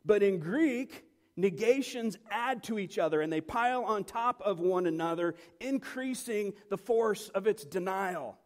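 A man with a high voice delivers a sermon from the pulpit. He teaches with emphasis and stacks phrase on phrase as his passion builds. His voice rings with a long reverb in a church sanctuary. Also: animated, unhurried. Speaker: pastor.

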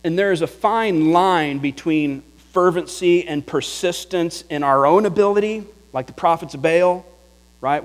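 A man preaching a sermon, telling the story with chuckles and dropping to a hush for quiet passages. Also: fairly high pitch, unhurried, big-room sound, low-quality recording. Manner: animated, chuckling storyteller, drops to a hush for prayer. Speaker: pastor.

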